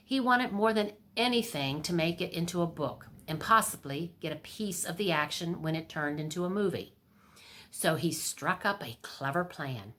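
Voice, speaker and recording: Woman, library storytime reader, storybook aloud, expressive, slightly low voice.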